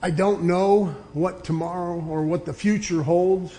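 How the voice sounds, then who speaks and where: A man preaching a sermon, earnestly explaining scripture and reading passages aloud with slow emphasis. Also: high-pitched, steady tone, mellow.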